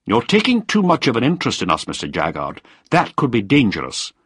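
A man's voice: mid-range voice, huge pitch swings, fairly quick, a bit bright, breathy edge, no echo, studio quality, voice pushed up, exaggerated voice. A man doing a cold, evasive old scientist. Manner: dismissive, veiled threats.

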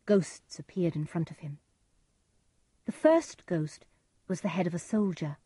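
A woman giving calm, measured storybook narration. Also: lowish voice, breathy edge, no room sound.

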